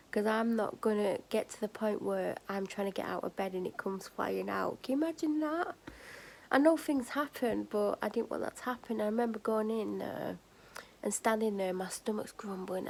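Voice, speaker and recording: A young adult woman vlogger, tired and drained, telling a personal story candidly to the camera, often dropping into soft whispers and sighs. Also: medium pitch, gravelly, a little hiss or hum, poor audio.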